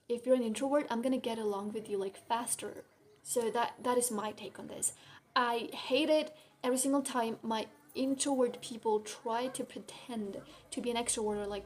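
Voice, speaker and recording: A woman's voice: on the high side, darkish tone. A young adult woman vlogging in a casual venting monologue, blunt and full of swearing and "like" fillers. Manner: blunt, swears a lot, heavy use of "like".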